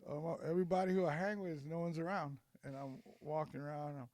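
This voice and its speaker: A man's voice: fairly high pitch, fairly even intonation, brisk, darkish tone, no echo. A middle-aged man chatting as a podcast guest, telling a rambling story full of slang and swearing. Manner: slangy, profane, rambling with frequent "like" and "bro". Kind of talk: casual storytelling chat.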